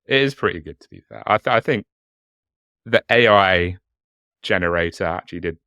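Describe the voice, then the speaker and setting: A man's voice: deep voice, animated, brisk, bright, forceful tone, clear, resonant tone, dry recording, studio quality. A man with a southern English accent co-hosting a podcast in casual chat, joking and laughing often. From England. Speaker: podcast co-host.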